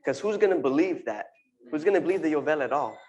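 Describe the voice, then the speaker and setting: Brief: earnest congregant delivering a short drash, mid pitch, repeats key phrases. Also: expressive, quick pace, a little mellow, highs cut off. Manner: earnest, repeats phrases, uses Hebrew terms. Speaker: congregation member giving a drash. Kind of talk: informal sermon talk.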